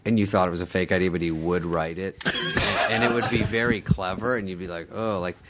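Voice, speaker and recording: A man telling stories in a radio interview, animated and laughing often as he acts out other people, swearing casually. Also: low voice, brisk, very noisy. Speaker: guest comedian.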